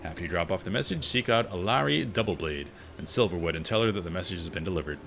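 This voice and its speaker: A man's voice: sits low, lively intonation, fast talker, vocal fry, background noise. A man voicing a nervous, polite male courier from a fantasy game while reading game dialogue aloud. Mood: uneasy.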